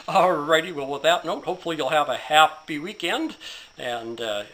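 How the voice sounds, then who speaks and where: A man's voice: fairly high pitch, lively intonation, moderate pace, bright, forceful tone, low-quality recording. A man telling a long joke in a casual, folksy storytelling manner.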